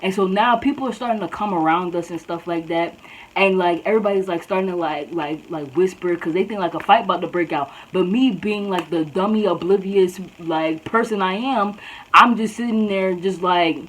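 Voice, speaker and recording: A woman's voice: on the low side, moderate pace, poor audio. A young woman vlogger telling a story casually, rambling with lots of "like" and "bro". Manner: rambling, full of "like" and "bro", laid-back.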